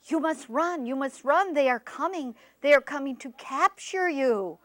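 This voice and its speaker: Woman doing an alarmed black crow, high-pitched, urgent warnings. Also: a little slow, dry recording.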